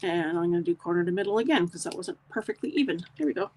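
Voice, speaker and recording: A woman's voice: lowish voice, lively intonation, fast, a little mellow, a little hiss or hum. A middle-aged woman, chatting casually with live viewers as she demonstrates a craft project step by step. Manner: chatty, talks to live viewers while working.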